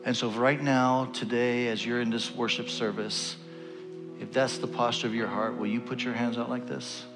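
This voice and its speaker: A man's voice: medium pitch, little pitch movement, moderate pace. A man leading his congregation in earnest prayer during a church service, rising toward fervent pleading. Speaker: pastor. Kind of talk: sermon prayer. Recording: long hall reverb with music behind. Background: instrumental worship music.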